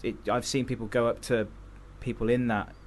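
A man talking earnestly as a radio guest, halting and restarting on serious points. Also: medium pitch, flat delivery, a little hiss or hum. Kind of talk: casual radio studio chat. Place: radio studio.

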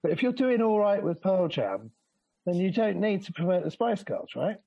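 A man's voice: sits high, big pitch swings, normal speed, gravelly, warm tone, highs cut off. A man co-hosting a podcast, reasoning aloud in casual chat.

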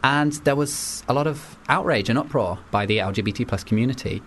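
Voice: medium pitch, fairly quick, a bit bright, slight background noise. A young radio host, chatting casually on air and laughing often.

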